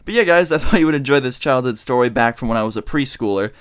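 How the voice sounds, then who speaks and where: Guy ranting thru a storytime vlog, fast, swears a lot, really animated. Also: mid-range voice, clear, resonant tone. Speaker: vlogger.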